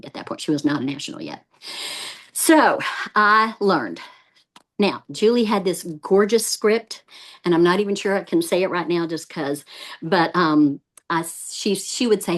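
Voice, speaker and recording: A woman's voice: on the low side, measured pace. A woman giving a motivational training talk to a group, telling stories and laughing often. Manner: lively storyteller, laughs often. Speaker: sales team trainer.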